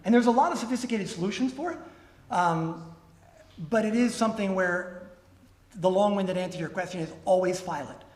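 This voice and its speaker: A man's voice: high-pitched, fairly quick, reverberant. A man speaking as a guest at a club meeting and answering questions, telling stories and acting out the people in them. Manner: animated storyteller, acts out callers' lines. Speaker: guest speaker from a consumer nonprofit. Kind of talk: Q&A after a club presentation.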